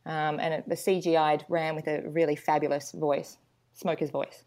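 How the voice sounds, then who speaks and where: A woman talks in a loose, self-deprecating way, circling back with fillers as she goes. Her voice sits a touch low for a woman. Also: flat delivery, normal speed, darkish tone. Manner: chatty and self-deprecating, many fillers and laughs. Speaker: guest, actor. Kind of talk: casual chat.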